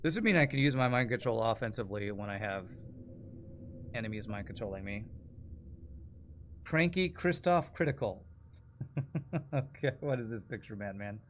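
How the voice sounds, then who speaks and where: A man's voice: medium pitch, animated, moderate pace, long pauses, slight background noise. A man chatting casually as he streams a game, rambling and laughing often. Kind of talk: casual gameplay commentary.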